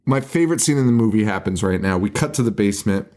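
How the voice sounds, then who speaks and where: A man's voice: on the low side, expressive, fast talker, darkish tone. A man co-hosting a horror movie podcast, recapping scenes in casual chat, laughing often and swearing. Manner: laughing often, swearing, mock-quoting characters. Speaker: podcast co-host.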